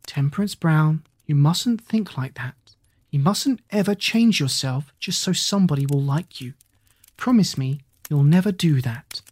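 A reader voicing a cheerful, kindly eccentric aunt in a storybook, gentle and reassuring. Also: medium pitch, expressive, a little slow, breathy edge, no echo. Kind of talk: storybook character voice.

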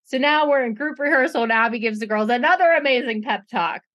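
A woman in her forties co-hosting a casual chat, recapping a show quickly and sarcastically, often mocking others in put-on voices. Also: a little high, a bit bright, no echo. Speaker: podcast co-host recapping a reality show.

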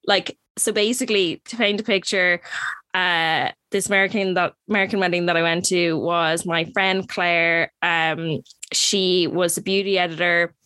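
A woman's voice: lowish voice, steady tone, normal speed, bright, forceful tone, clear, resonant tone, dry recording. A young Irish woman co-hosting a podcast, telling a story in a chatty way, with lots of "like" and frequent laughter. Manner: chatty storyteller, heavy use of "like", laughs often. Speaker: podcast co-host. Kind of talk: casual chat.

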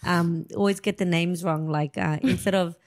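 A woman's voice: lowish voice, steady tone, normal speed. A woman guest-hosting a podcast, chatting casually and laughing along. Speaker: guest host. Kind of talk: casual chat.

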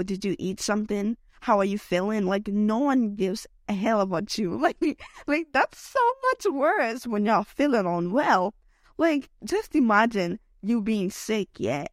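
A woman's voice: medium pitch, darkish tone, dry recording, studio quality. Unwell young woman rambling on a podcast. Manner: rambling and emotional, lots of "like" and "okay?". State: unwell, voice affected by illness. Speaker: podcast host. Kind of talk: solo podcast rant.

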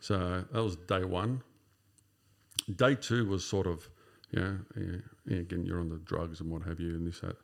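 A man in his fifties with an Australian accent and a very low voice, telling his story as a podcast guest. His voice has a rough, gravelly texture. He rambles casually and leans on "sort of" and "you know". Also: steady tone, moderate pace. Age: 50s.

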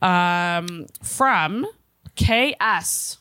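A woman's voice: lowish voice, animated, very slow, bright, forceful tone, clear, resonant tone, no room sound. A woman hosting a comedy podcast, teasing and blunt in casual chat. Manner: teasing, blunt, laughs easily. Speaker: podcast host.

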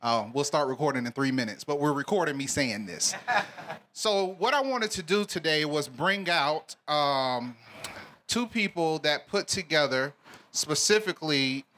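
Bright-voiced Southern man working a crowd. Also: a little high, animated, a little slow, slight background noise. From Alabama. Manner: joking, teasing the audience. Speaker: event host. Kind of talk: live crowd work and hosting. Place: event venue with live audience.

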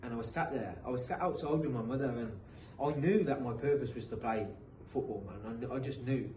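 A man's voice: mid-range voice, a little fast. A British man in his thirties, a professional footballer telling his story as a podcast guest, earnest and motivational with frequent restarts. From England. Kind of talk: casual interview storytelling. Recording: roomy echo, distant mic, faint noise.

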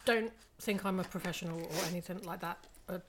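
A woman's voice: fairly low pitch, brisk, noisy background. An English woman chatting as a guest on a film podcast, dropping dry, wry asides. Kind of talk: casual chat.

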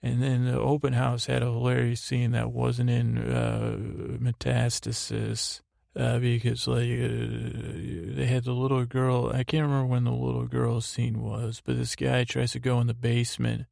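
Slow rambling man with gravelly fry. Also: medium pitch, a little mellow, no room sound, clean studio sound. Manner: meandering, slow, full of fillers and restarts. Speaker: podcast host. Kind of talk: rambling bedtime recap.

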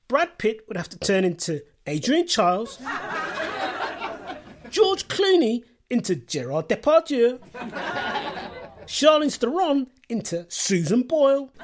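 Wry self-mocking comedian, lively pitch. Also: male voice, takes it slowly, long pauses, background noise. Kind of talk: comedy podcast monologue.

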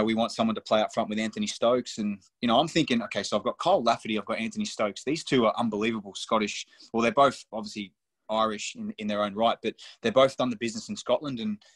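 A man's voice: on the low side, no echo. A young man from Australia, a guest on a podcast, telling stories in loose, blunt, swearing chat. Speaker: podcast guest, professional footballer. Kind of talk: casual storytelling chat.

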